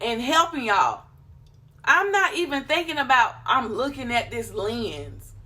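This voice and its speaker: A woman giving casual YouTube channel advice, animated and playful, acting out quick voices of others. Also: sits high. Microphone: phone camera.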